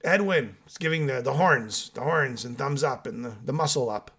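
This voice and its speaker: A man's voice: medium pitch, normal speed, fairly bright tone, slightly rough. A man hosting a casual metal music podcast, giving opinionated takes and talking straight to his viewers. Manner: opinionated, chatty, addresses viewers directly. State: still waking up with coffee. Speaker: host of a metal music channel. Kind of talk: casual solo podcast reacting and reading comments.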